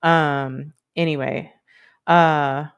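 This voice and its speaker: Unhurried, low-voiced woman host, rambling. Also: fairly even intonation, clear, resonant tone, highs cut off. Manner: rambling, chatty, many fillers, playful asides. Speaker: livestream host. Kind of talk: casual livestream chat.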